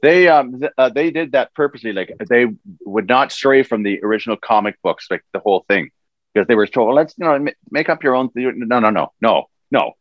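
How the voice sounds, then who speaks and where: An older man, a voice actor guest, tells stories in a casual interview. He is animated, laughs as he goes, and often restarts his sentences. The sound is dull and lo-fi, and completely dry. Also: mid-range voice, a little fast, no room sound.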